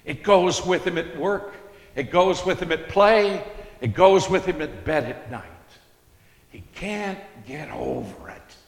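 Slow, deliberate preacher man in an echoey hall. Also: on the high side, animated, vocal fry. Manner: slow, deliberate teaching with emphatic stresses. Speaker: pastor. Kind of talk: expository sermon. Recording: echoey hall with long reverb.

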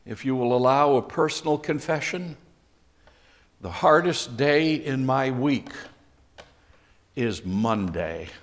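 Slow-preaching pastor in a reverberant hall. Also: male voice, medium pitch, expressive. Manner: slow, emphatic preaching with sudden loud quoted outbursts. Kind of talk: sermon.

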